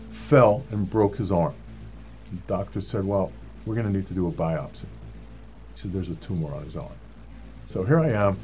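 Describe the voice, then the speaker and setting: A man's voice: lowish voice, darkish tone. A man telling a personal faith testimony in an earnest storytelling manner, acting out the voices of the people he quotes. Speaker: speaker giving a personal testimony.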